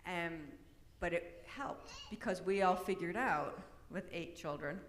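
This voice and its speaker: A middle-aged woman gives an informal workshop talk in a large church hall, chatting away with plenty of "right?" and "um." Her voice sits lowish and her pace is measured. The hall is echoey with long reverb and faint noise.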